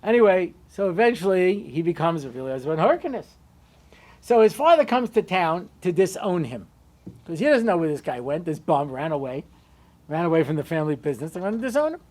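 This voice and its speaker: Man, rabbi, storytelling lecture, chatty asides, pitch and volume swing up and down. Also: a little fast. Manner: conversational, many asides and "you know"s; animated, shifting pitch and loudness.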